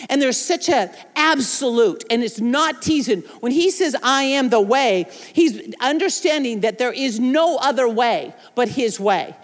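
A woman pastor preaches a sermon in a high voice, chatty and quick to laugh. She moves between personal stories and scripture with playful asides. The sound carries a long hall reverb. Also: lively intonation.

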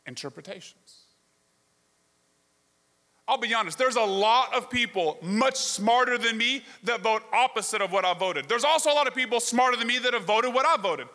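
Pastor, male, high and forceful voice, animated storyteller, large echoing hall. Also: moderate pace. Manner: animated storytelling with rhetorical questions. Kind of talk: sermon. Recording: long reverb of a large hall.

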